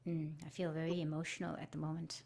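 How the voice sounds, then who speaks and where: A woman with a low, gravelly voice hosts a spiritual live stream. She is soft-spoken and slips into hushed chanting. She is heard over a video call. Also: level tone, fast talker. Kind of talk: guided meditation and casual chat.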